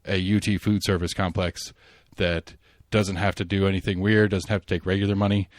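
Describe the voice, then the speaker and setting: A podcast host chatting casually and rambling about local politics, full of fillers and restarts. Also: male voice, sits low, little pitch movement, fairly quick, no echo, studio quality.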